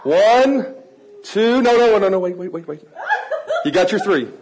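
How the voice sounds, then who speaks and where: A man teaching a room of adults how to work with children, energetic and playful, coaxing the audience to join in. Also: high voice, unhurried, noisy background. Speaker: children's ministry trainer. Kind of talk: lively teaching talk to an audience.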